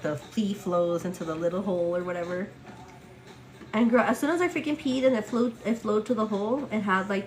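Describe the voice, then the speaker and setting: A young woman hosting a morning livestream, telling a personal story in casual chat, full of "like" and "girl", acting out quotes in a higher voice. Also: slight background noise. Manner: chatty, many fillers, acts out quotes with high excited pitch. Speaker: livestream host.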